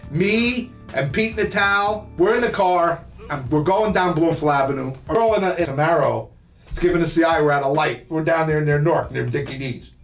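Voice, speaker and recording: Profane older New man, high-pitched. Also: moderate pace. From New Jersey. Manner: profane, rambling, laughing storyteller. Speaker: podcast host. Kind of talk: casual storytelling. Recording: roomy echo, mic at a distance, faint music.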